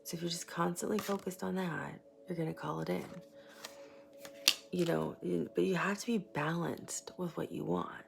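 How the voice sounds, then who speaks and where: A woman giving a casual tarot reading, chatty and rambling, sometimes sinking into a soft whisper. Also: fairly low pitch, fairly even intonation, moderate pace, creaky, heavy background noise. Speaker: tarot reader.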